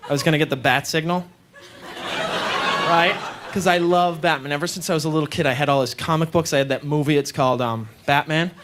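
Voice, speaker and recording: A man performing a stand-up comedy set in a club, telling self-deprecating stories with deadpan asides. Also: on the high side, fairly quick. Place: comedy club stage with live audience. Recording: live club recording, loud crowd and noise.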